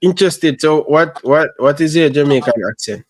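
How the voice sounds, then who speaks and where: A man's voice: fairly high pitch, normal speed. A man hosting a casual podcast chat, prompting his guest with short questions. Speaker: podcast host.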